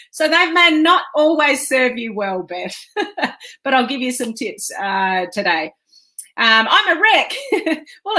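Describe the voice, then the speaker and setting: A woman's voice: on the high side, sharp tone. A woman business coach hosting a casual live stream, talking in a chatty, rambling way with frequent ums.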